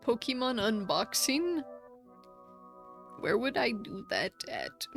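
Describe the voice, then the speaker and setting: Chatty woman streamer with a lively voice. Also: fairly high pitch, slow, gravelly, faint music behind. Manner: chatty, laughs often, talks to chat. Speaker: live streamer. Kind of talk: casual chat with viewers.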